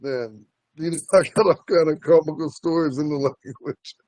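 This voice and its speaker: A man teaching a language class, telling stories in a relaxed way and laughing often. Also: fairly high pitch, normal speed. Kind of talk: casual storytelling in class.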